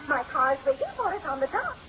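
An actress playing a gushing, starstruck rich society matron with a fluttery manner, in 1930s radio comedy. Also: female voice, high voice, very animated, a little fast, lo-fi sound, soft background music. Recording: scratchy, very hissy 1930s radio recording.

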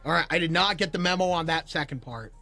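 A young man livestreaming, telling a story in animated chat and acting out both sides with bursts of disbelief. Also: fairly high pitch, fast, creaky, soft background music. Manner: acts out both sides of a story, rising to near-shouts in disbelief.

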